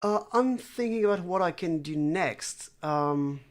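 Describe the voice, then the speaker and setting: Livestream chat, conlang streamer, thinking aloud, hesitant fillers, deadpan self-mockery. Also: medium pitch, measured pace. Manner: dry, self-mocking humor; talks to chat viewers. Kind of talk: casual livestream chat while working.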